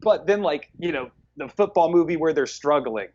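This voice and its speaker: A man's voice: on the high side, animated, normal speed, a little mellow, dull audio. A man co-hosting a movie review podcast in casual chat, blunt, sarcastic and swearing freely.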